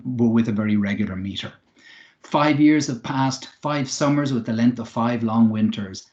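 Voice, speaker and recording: A man giving an online English lesson, explaining clearly with occasional fillers. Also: mid-range voice, mellow, muffled recording. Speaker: English teacher.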